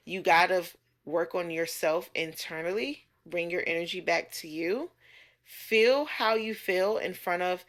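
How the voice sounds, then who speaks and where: Blunt, bright-voiced woman in her thirties. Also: fairly low pitch. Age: 30s. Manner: blunt, animated, profanity-laced, mimics others' voices. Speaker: relationship coach vlogger. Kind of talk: casual storytelling rant.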